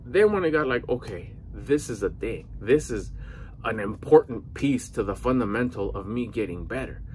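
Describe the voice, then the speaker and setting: A man's voice: medium pitch, expressive, moderate pace, slight background noise. A man in his forties giving rambling, earnest motivational talk to camera, a little out of breath after a workout. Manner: rambling, earnest, with slang and restarts. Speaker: vlogger.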